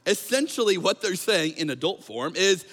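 High-voiced pastor preaching in a reverberant hall. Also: male voice, moderate pace. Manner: animated and joking, acts out quotes with a raised voice. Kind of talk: conversational sermon.

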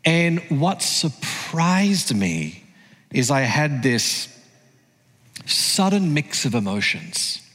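A man's voice: a little high, very animated, drawn-out words, fairly bright tone. An Australian man in his forties preaching a sermon, telling his story earnestly and building to emphatic peaks. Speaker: pastor. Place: large church hall. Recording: long hall reverb.

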